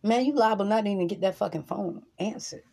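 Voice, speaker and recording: Woman vlogger, husky voice, emphatic and profane, sermon-like repetition. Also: medium pitch, fast talker, warm tone. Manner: repeats lines for emphasis. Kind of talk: motivational monologue to camera.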